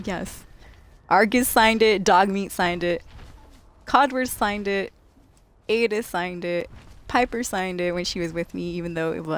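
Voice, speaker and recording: A woman game streamer chatting casually to her viewers, laughing often and talking straight to them. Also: mid-range voice. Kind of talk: casual live-stream chat.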